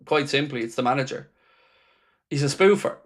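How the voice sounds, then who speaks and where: This watchalong host has a medium-pitched, animated voice and a moderate pace. During his live football stream he reads viewers' messages aloud and replies with dry, sarcastic fan commentary.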